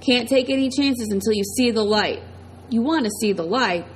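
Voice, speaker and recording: A woman's voice: fairly high pitch, moderate pace, slight background noise, lightly acted, poor audio. A woman reading the lines of a controlling ex-convict man turned preacher, in a commanding drawl with a mocking edge. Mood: menacing.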